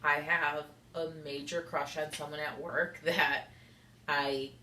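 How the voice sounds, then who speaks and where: A woman's voice: sits low, level tone, slow, sharp tone, a little hiss or hum. A young woman rambling candidly in an unedited confessional vlog, saying "like" a lot. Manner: rambling, candid, heavy use of "like". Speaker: vlogger. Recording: echoey room.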